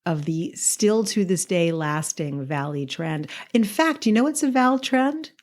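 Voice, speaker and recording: A woman's voice: lowish voice, lively intonation, measured pace. A woman from New York co-hosting a podcast, telling stories in a casual chat and laughing often. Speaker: podcast co-host.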